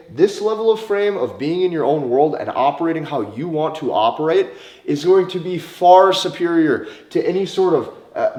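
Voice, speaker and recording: A man giving dating advice in a direct, emphatic monologue, sometimes slowing down and stretching words for emphasis. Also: a little high, darkish tone. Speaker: dating coach. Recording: roomy echo.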